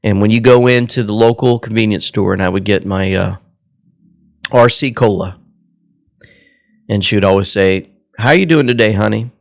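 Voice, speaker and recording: A man from Georgia hosts his own commentary show, and his voice sits a little low. He talks earnestly and openly about his feelings, calling his listeners folks. He also leads a heartfelt prayer. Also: steady tone, normal speed, vocal fry, pauses often. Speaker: host.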